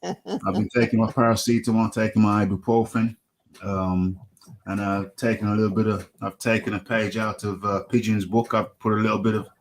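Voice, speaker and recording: A man's voice: lowish voice, level tone, brisk, a little hiss or hum. A man hosting a casual boxing podcast, ranting animatedly and repeating his phrases. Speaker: host.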